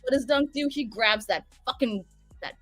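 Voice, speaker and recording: A woman recaps a show in a casual, animated way, swearing freely. Her voice sits high, with soft music faintly behind her. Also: normal speed, dry recording. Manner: profane, animated storytelling. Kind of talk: casual chat.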